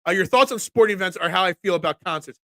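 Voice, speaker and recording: Congested, bright-voiced male talk host. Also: sits high, fast, no room sound, clean studio sound. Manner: rambling, talks back to chat commenters. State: congested, voice cracking. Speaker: sports talk show host. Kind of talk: casual live-stream chat reading viewer comments.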